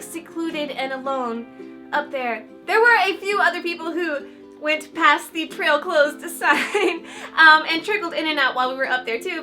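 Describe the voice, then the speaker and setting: A young woman tells a storytime to her viewers in a gushing, chatty way, full of fillers. Her voice is very high and bright. Faint ukulele music plays underneath. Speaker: YouTuber. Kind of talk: storytime vlog. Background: light ukulele music.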